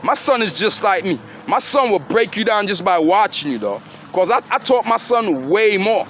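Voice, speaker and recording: A middle-aged man with a high voice for a man gives a rambling, streetwise sermon in heavy slang. He keeps firing short questions at his listeners and scolds them like a preacher. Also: very animated, moderate pace, fairly bright tone, slight background noise. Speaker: father addressing his children and followers.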